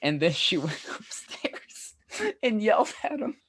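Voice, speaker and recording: A man's voice: sits high, big pitch swings, a little slow, fairly bright tone, whispered. A young man co-hosting a podcast, telling a story animatedly and acting out what people said, with laughs. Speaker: podcast co-host. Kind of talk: casual storytelling.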